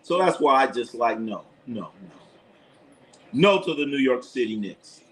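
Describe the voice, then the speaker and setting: In a low-quality recording, a man with a mid-range voice hosts a live basketball stream, speaking a little slowly with big pitch swings and a somewhat bright tone. As the channel host, he calls plays and gives his chat strong, profane opinions, often repeating himself in casual game commentary.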